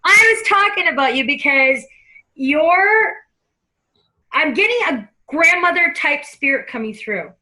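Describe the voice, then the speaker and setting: A woman giving a psychic reading in a lively, laughing conversation. She often slips into quoting the spirit she says is talking to her. Her voice sits high and rings very bright. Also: unhurried, rough recording. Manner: chatty and laughing, acts out the spirit's lines. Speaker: psychic medium.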